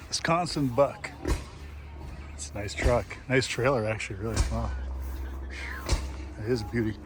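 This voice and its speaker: A man's voice: mid-range voice, a little slow, pauses often. A man with an Iron Range Minnesota accent, narrating a casual travel vlog in an easygoing, rambling way with frequent chuckles. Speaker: vlogger. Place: outdoors at an engine show, then in a vehicle. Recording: noisy outdoor recording with vehicle sounds.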